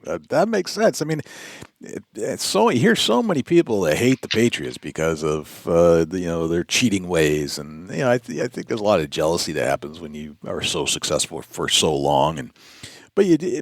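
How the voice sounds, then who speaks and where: A New England man hosts a podcast, running a casual interview in a conversational style full of stumbling restarts and lively pitch jumps. His voice is creaky and at normal speed, recorded in studio quality with no echo.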